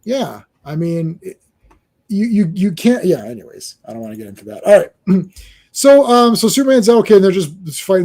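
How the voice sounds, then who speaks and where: A man hosting a casual comic book chat, excitable, with frequent restarts and laughter. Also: high-pitched, normal speed. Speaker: comic book podcast host.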